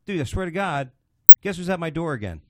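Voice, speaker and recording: A man's voice: fairly high pitch, big pitch swings, brisk, no echo, studio quality. A man casually telling a rambling, profane story, full of restarts.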